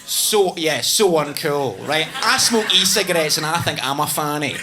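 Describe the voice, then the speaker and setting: A male stand-up comic tells a story against himself, with a lively voice that leaps up and down. He sits a bit high in pitch. A clear hiss runs under the live recording. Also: normal speed. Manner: storytelling, self-mocking, animated. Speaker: stand-up comedian. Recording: hissy live stage recording.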